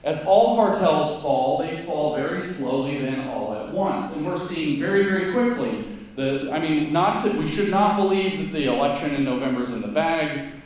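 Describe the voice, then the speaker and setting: A man giving a live lecture to an audience in a conversational, emphatic way, full of quick asides and restarts. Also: on the high side. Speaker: guest speaker. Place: event hall before a live audience. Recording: very echoey hall, mic at a distance.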